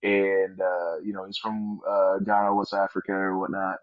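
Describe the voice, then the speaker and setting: A man with a fairly low voice chats casually as an interview guest, spinning jokes and animated stories. The sound is dry and close, with a dull, slightly muffled quality. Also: normal speed, no echo. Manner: joking, animated storytelling with comic voices. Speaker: wrestler guest.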